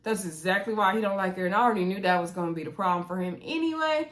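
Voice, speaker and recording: A woman hosting a casual reality show recap, chatty and animated, acting out quotes with playful voices. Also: medium pitch, very fast.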